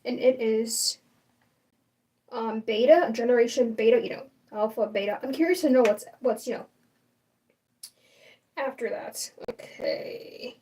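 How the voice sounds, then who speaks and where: High-voiced rambling woman livestreamer. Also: a little slow, pauses often, dark tone, far from the mic, low-quality recording. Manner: rambling and opinionated, full of fillers and restarts. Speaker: livestream host. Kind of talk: casual livestream chat.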